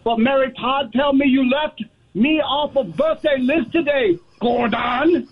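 A man's voice: extremely high pitch, drawn-out words, no room sound, heavily acted. A man calling in as the ghost of a president, speaking in a jumble of several accents over the phone. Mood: rambling. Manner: shifting mix of many accents. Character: ghost of a male president speaking from hell, rambling. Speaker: caller. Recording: dull lo-fi phone line.

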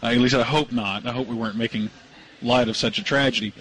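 A man hosting a sports radio show, telling a story in casual banter with animated, mock-indignant delivery. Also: medium pitch, quick pace, low-quality recording. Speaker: radio host.

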